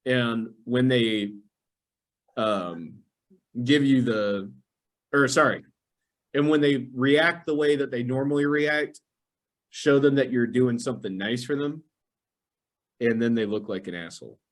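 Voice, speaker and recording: A man's voice: mid-range voice, measured pace, long pauses. A young man hosting a casual podcast, telling stories animatedly, acting out quotes and laughing often. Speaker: podcast host. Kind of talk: casual chat.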